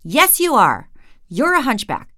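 A blustering king of a faraway land booms his accusations in a raised, insistent voice, as a woman acts him out. He sounds like a storybook tyrant, loud and sure of himself. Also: very animated, moderate pace, no echo, studio quality. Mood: accusing. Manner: booming, insistent.

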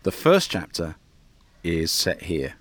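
A man's voice: sits low, huge pitch swings, slow, fairly bright tone, no room sound. A man hosting a podcast as the publisher, chatting casually and laughing easily. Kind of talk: casual chat.

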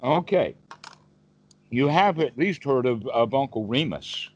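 A man's voice: mid-range voice, animated, measured pace. A man teaching as a dharma teacher, telling a folk tale in a folksy, rambling way with many fillers on a video call. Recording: dull, dry video call audio.

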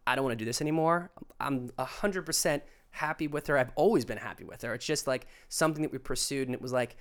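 A man in casual conversation, speaking at a mid-range pitch for a man. He wanders through his thoughts, stacking filler words as he goes. He is recorded remotely from a home living room. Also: fast talker. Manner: rambling, many "like" fillers. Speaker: podcast guest. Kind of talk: candid casual chat.

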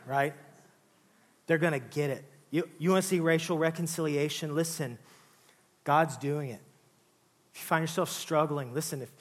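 A pastor preaching a sermon in a conversational, joking way, often saying "listen" and "all right". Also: male voice, fairly high pitch.

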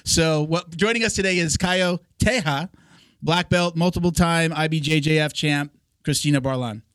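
A man's voice: a little high, steady tone, fairly quick, a bit bright, no echo. A man hosting a podcast, talking loosely and casually with plenty of fillers into a close mic. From South Florida. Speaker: podcast host.

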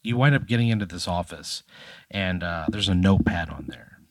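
Deep-voiced man running a comedy game. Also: a little fast, no echo. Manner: loose and chatty, full of fillers. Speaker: game master. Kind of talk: improvised narration of a comedy tabletop game.

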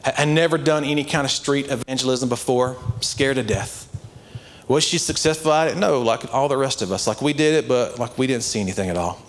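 A man's voice: mid-range voice, a little fast. A man preaching a sermon, telling a story conversationally and building to earnest, passionate exhortation. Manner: conversational storytelling with many "like" fillers.

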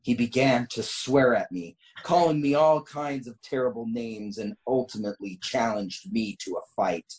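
A man's voice: mid-range voice, fairly even intonation, normal speed, few pauses, a little mellow, low-quality recording. A man co-hosting a casual chat, reading a story aloud in a dramatic storytelling tone, often laughing and tripping over the words.

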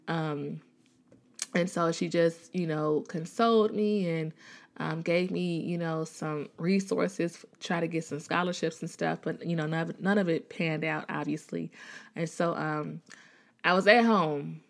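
A woman in her thirties from the Chicago area, USA, shares her Christian testimony in a conversational way, full of fillers and restarts. Her voice sits low, with fairly even intonation and a slightly slow pace.

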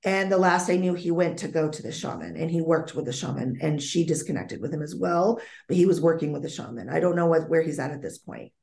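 A woman speaks in a low, gravelly voice as a guest in an interview. She tells her story vividly, acting out what each person said and often restarting her sentences. The room adds a noticeable echo. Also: lively intonation, a little fast, few pauses, a little mellow. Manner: vivid storytelling that acts out dialogue, with frequent restarts. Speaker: psychic medium guest.

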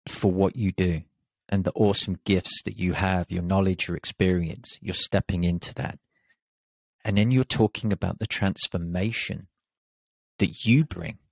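A man's voice: deep voice, creaky, husky, no echo. A man hosting a motivational podcast, talking in an emphatic, encouraging way and swearing casually. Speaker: confidence podcast host and coach.

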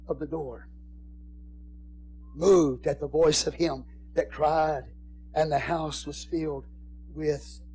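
A man preaching a sermon as a pastor, repeating phrases and swinging from hushed whispers to shouted crescendos. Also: on the high side, a little hiss or hum.

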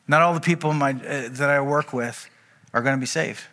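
Bright-voiced man preaching in a hall. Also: on the high side, fairly even intonation. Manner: conversational storytelling with quick asides. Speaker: pastor. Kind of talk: sermon. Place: church auditorium.

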